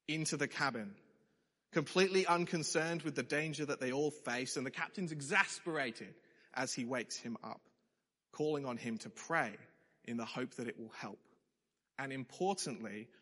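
A young man preaching a sermon in a lively, conversational way. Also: medium pitch. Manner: lively, conversational preaching with sudden emphatic rises. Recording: long hall reverb.

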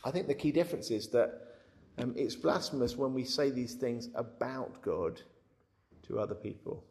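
A man giving a conversational Bible teaching, frank and lively, often repeating his words as he talks. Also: mid-range voice, moderate pace. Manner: frank, animated, repeats words, acts out quotes.

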